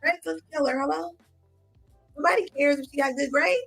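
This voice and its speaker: A woman's voice: high voice, brisk, creaky, fairly bright tone, soft background music. Blunt, mocking woman streamer. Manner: blunt, mocking, laughs often. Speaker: commentary streamer. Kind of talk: casual reaction commentary.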